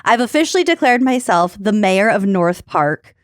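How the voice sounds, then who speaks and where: A woman's voice: mid-range voice, lively intonation, normal speed, dry recording, studio quality. A woman with a Minnesotan accent co-hosting a podcast in casual, playful chat, laughing often. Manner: giggly, playful. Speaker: podcast co-host.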